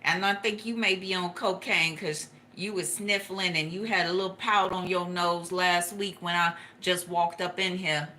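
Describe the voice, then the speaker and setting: A woman's voice: lowish voice, pushed and bright, slight background noise. A woman giving a casual, profane tarot reading who laughs often and talks animatedly. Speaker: tarot reader.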